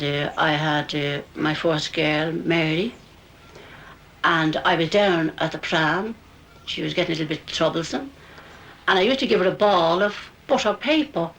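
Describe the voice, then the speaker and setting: An older woman, telling a memory in an animated way and acting out the voices. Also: fairly low pitch, slight background noise, poor audio. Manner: animated, acts out quotes. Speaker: local woman recalling. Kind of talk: storytelling reminiscence.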